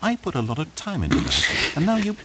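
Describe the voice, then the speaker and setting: A man's voice: a little high, wildly swooping pitch, a little fast, heavy background noise. A man playing a game's sardonic male narrator, who reproaches the player directly with dry, needling asides. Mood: sarcastic. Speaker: game narrator. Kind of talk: scripted game narration.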